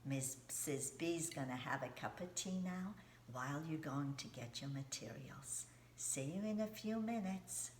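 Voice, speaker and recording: A middle-aged woman teaches young children about art in a gentle, coaxing way, often pausing to ask them questions. Her voice sits low and she speaks slowly and plainly. She is recorded in an echoey room with a faint hiss behind her. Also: animated. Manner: slow, simple, coaxing teacher talk with questions to kids.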